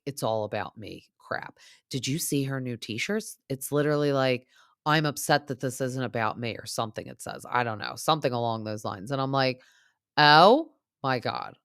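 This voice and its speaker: A woman's voice: extremely low pitch, fairly bright tone, dry recording, studio quality. A young adult woman hosting a podcast, chatting casually and opinionatedly about reality TV, with lots of "like" fillers. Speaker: podcast host. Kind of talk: casual reality TV recap chat.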